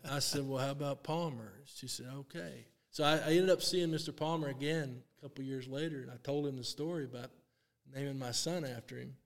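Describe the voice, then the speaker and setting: A man's voice: medium pitch, normal speed, creaky. A man in his sixties tells a story in a casual interview, with a mid-range voice. He animates it by acting out what people said and laughs often along the way. His voice rings with a long room reverb. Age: 60s. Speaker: guest, long drive champion.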